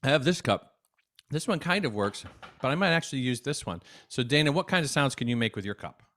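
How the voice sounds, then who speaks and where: A man's voice: mid-range voice, animated, brisk, a bit bright. A man teaching an at-home music lesson for children from his desk, upbeat and chatty, talking straight to young viewers.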